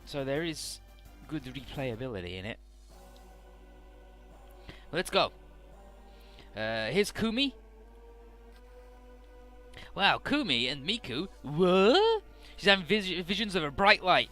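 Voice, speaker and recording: Guy doing let's play commentary, rambly, casual, bright forceful tone. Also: on the high side, big pitch swings, normal speed, soft background music. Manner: rambling, casual, swears freely.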